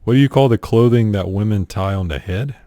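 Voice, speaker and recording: Chill young guy w a south carolina drawl, lowish voice, dry close sound. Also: brisk, dark tone, dry recording. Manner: laid-back, offhand, says "y'all" and "ain't". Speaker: streamer doing an accent challenge. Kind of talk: casual vlog reading a list of questions.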